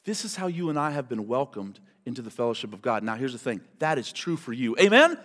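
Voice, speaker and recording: A man preaching a sermon as pastor, in an animated, conversational way, often turning to people in the congregation. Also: medium pitch, quick pace. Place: church hall. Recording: long hall reverb.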